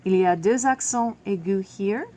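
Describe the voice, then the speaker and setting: A woman's voice: mid-range voice, normal speed, mellow. A woman teaching a French verb lesson to students, explaining each step patiently. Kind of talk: classroom video lesson.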